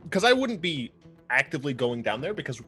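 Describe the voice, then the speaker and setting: A man's voice: mid-range voice, sing-song, brisk, pushed and bright, slightly rough, faint music behind. A man playing a tabletop game, thinking through his character's next move with a hesitant, thoughtful manner. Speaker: player. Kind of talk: casual tabletop game play.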